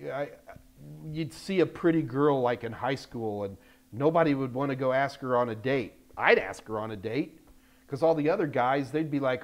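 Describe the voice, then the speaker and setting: An older man hosting a live question-and-answer stream, talking bluntly and emphatically and getting loud when frustrated. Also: medium pitch, expressive, normal speed. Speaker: host answering viewer questions. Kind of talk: live Q&A chat. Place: Texas, United States.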